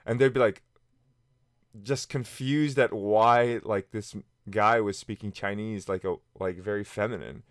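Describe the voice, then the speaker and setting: A man with a fairly low voice tells personal stories in a loose, rambling way, full of fillers and restarts. He now and then slips into quoted voices for friends. The sound is close and dry. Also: fairly even intonation, unhurried, no echo. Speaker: vlogger. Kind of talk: casual storytelling to camera.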